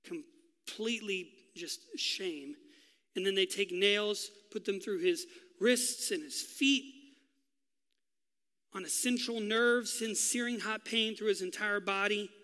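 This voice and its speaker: A male pastor preaching a sermon, telling a story with drama and dropping to a hush for key lines. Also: sits high, takes it slowly, clean tone, big-room sound. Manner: dramatic storytelling, swinging from loud to hushed.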